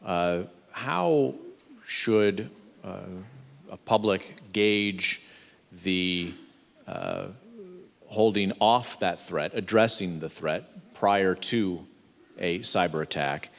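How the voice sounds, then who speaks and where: A male interviewer on stage, asking halting questions and searching for words. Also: low-pitched, sing-song, creaky. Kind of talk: asking questions at a live book fair talk. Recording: long hall reverb.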